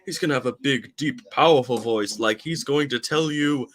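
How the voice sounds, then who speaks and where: A man's voice: medium pitch, normal speed, a bit bright, poor audio. A young man chatting casually on a game stream, rambling jokily about voice ideas. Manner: rambling, jokey, describing voice ideas.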